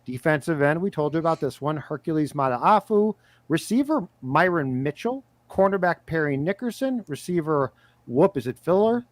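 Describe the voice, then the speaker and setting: A man co-hosting a sports podcast, casually chatting and briskly reading out news. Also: a little high, expressive, no room sound. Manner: brisk, reads lists of names in quick bursts. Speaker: podcast co-host.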